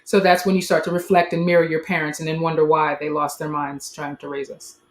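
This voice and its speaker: A woman's voice: low voice, level tone, fairly quick. A woman hosting a casual conversational interview, thoughtful and affirming, who often says "like". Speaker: host. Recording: roomy echo.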